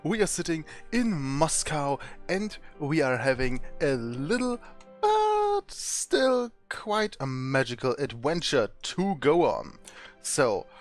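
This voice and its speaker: A man's voice: fairly high pitch, very animated, slow pace, faint music behind. A man hosting a gameplay video, reading the game's text aloud and joking and laughing along as he plays. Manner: playful, laughing, swears casually. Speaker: let's play host.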